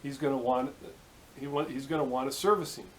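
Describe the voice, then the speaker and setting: A man's voice: medium pitch, fairly even intonation, a little fast, slight background noise, natural voice, poor audio. A man voicing a matter-of-fact male camel dealer in a spoken joke, barely shifting from his own voice.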